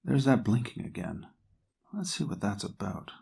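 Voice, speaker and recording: A man's voice: fairly low pitch, animated, brisk, gravelly, no echo. An actor reading a wealthy man who plays poker with the devil, wry and a bit nervous. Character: bored wealthy man gambling his soul, nervous but confident. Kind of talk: table read of a screenplay.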